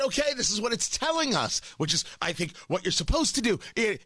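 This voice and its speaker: A man's voice: high-pitched, sing-song, a little fast, hardly any pauses, sharp tone, no echo. A middle-aged man hosting a talk radio show, giving a brash, emphatic monologue with joking asides into a studio microphone.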